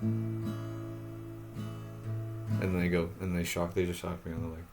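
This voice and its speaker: Agitated, swearing man over loud guitar. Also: sits low, steady tone, unhurried. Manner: agitated, profane, repetitive. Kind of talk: rambling self-recorded monologue.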